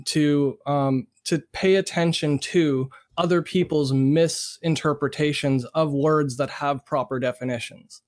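A Canadian man in casual chat, explaining his point in a measured, reasoning way. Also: fairly high pitch, steady tone, a little mellow.

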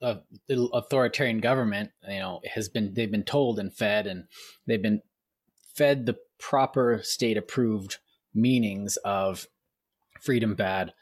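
A Canadian man in casual chat, telling animated stories, acting out quoted voices and laughing often. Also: on the low side, unhurried, breathy edge, no echo, clean studio sound.

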